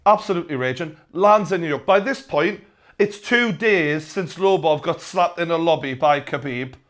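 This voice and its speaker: Young geordie guy doing a sarcastic news rant, deadpan gags, voice sits a bit high. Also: moderate pace. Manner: sarcastic, repeats punchlines deadpan. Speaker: host.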